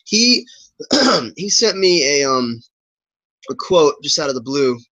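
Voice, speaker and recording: A man's voice: a little high, sing-song, takes it slowly, pushed and bright, poor audio. A man on a podcast talking casually, animatedly retelling an online argument and quoting both sides. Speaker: podcast guest. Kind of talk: casual conversation.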